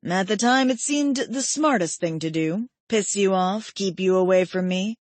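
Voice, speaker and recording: A woman's voice: medium pitch, moderate pace, no echo, natural voice. Brooding male lover, voiced by a woman. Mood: intimate.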